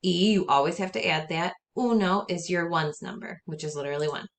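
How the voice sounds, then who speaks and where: A woman teaching a recorded lesson, speaking clearly and patiently and saying words slowly for students to repeat. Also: fairly low pitch, a little hiss or hum. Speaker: Spanish teacher.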